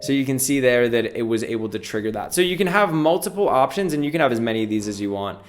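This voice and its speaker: A male programming instructor with a medium-pitched voice talks through a coding tutorial. His delivery is relaxed and conversational. He explains each step aloud as he works. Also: fast talker. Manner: casual, explanatory, walks through steps aloud. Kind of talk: screen-recorded coding tutorial.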